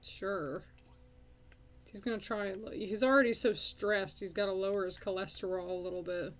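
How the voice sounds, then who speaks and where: A young woman hosting a let's play gives casual, chatty commentary on a life-sim game, scolding and swearing at her characters. Her voice is middle-pitched and steady at normal speed.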